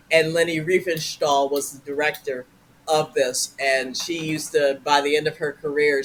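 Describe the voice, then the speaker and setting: A woman guest telling stories in a casual interview, animated and profane, acting out voices. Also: deep voice, poor audio.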